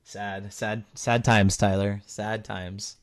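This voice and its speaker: A man's voice: lowish voice, level tone, slow. Male game streamer chatting casually. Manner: thanks viewers and teases friends in banter. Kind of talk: casual live-stream chat while gaming.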